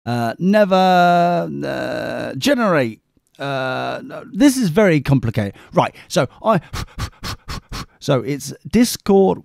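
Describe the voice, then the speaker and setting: A man's voice: mid-range voice, sing-song, slow, vocal fry, darkish tone, no room sound, studio quality. A tired man, hosting a live podcast in a rambling, scatterbrained, self-mocking way. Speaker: podcast host. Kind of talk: rambling live-show chat.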